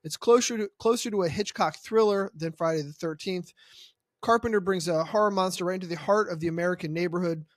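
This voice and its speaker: High-voiced joking man, dry sound. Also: fast talker, no echo. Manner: joking, swears freely. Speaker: podcast co-host. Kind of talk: casual chat.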